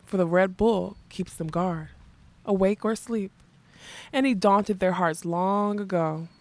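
A woman reading the lines of a mad, possessive old king, soft and menacing in turn. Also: mid-range voice, unhurried, lightly acted. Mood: rapt. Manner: soft and menacing, turning fierce and childlike.

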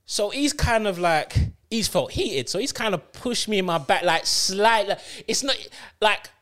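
Lad, podcast co-host, lively storyteller voice, slightly high, swings up and down a lot while acting out quotes. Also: male voice, measured pace. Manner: animated, slangy, acts out quotes with big pitch jumps. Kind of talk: casual storytelling chat.

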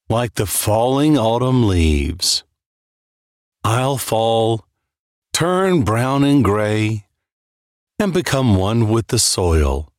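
Slow, brooding male horror narrator. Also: medium pitch, no room sound, clean studio sound. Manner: brooding, deliberate delivery. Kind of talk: dramatic reading of a horror story.

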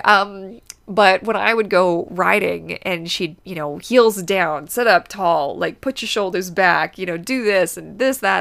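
A woman's voice: mid-range voice, creaky, a bit bright. A young woman hosting a casual chat, talkative and laughing often, with a stuffed-up, congested nose. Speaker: podcast host.

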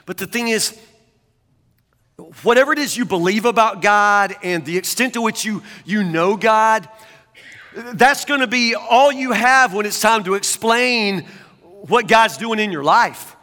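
A man's voice: high voice, a little slow, bright, forceful tone, big-room sound. A man preaching a sermon as a pastor, talking conversationally and often stammering into restarts.

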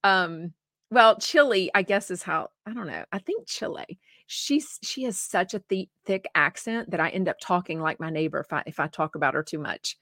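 A woman's voice: on the low side, normal speed, fairly bright tone, dry recording, studio quality. A woman co-hosting a show, chatting casually and rambling sympathetically as she reads viewer comments aloud. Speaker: co-host.

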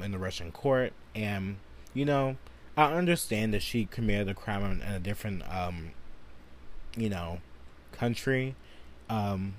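A man's voice: lowish voice, a little mellow, slight background noise. A man hosting a solo podcast, ranting angrily and profanely with lots of filler words. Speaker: podcast host.

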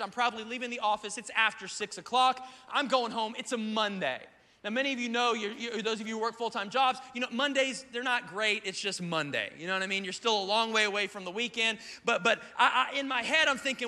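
A man in his thirties from South Carolina, preaching a sermon as a lively storyteller who acts out the quotes. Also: very high-pitched. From South Carolina, USA. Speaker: pastor. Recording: church hall reverb.

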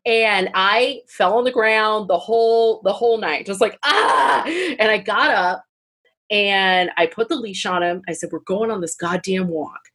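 A husky-voiced woman hosting a relaxed conversation. She tells animated stories and breaks into easy laughter. Her tone has a slightly breathy edge. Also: medium pitch, measured pace. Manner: laughs freely, animated storytelling. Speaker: podcast host. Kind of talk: casual conversation.

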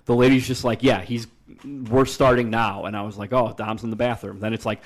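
A young man co-hosting a podcast, telling stories in a casual, animated way, acting out the people he quotes and swearing freely. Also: mid-range voice, normal speed. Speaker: podcast co-host. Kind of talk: casual storytelling chat.

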